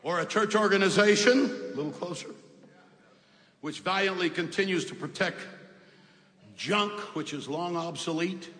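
A man preaching an emphatic sermon, shouting at times and dropping to soft asides. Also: high-pitched, normal speed, pauses often. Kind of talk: fiery sermon. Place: large hall with congregation. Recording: echoey hall, faint ambience.

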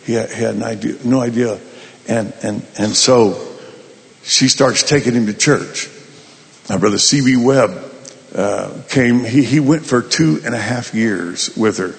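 A male pastor telling a folksy, animated story in a sermon. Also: medium pitch, measured pace, vocal fry, big-room sound. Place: large hall at a summit.

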